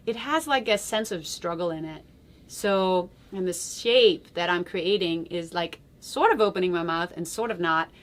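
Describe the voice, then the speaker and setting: Woman teaching voice, asking "yes?". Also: mid-range voice. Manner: checks in often with a questioning "yes?"; sings loud vowel demonstrations. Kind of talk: vocal technique lesson.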